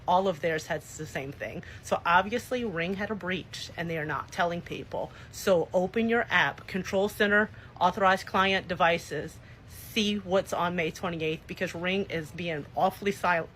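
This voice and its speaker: Woman giving an urgent warning, lowish voice, faint hiss behind. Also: moderate pace, fairly bright tone, low-quality recording. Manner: urgent, emphatic. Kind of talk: warning video to viewers.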